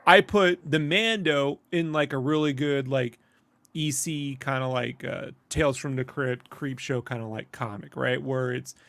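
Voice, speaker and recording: A man co-hosting a casual review chat, animated and rambling, laughing often. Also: medium pitch, a little slow, creaky, dry recording. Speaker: podcast co-host.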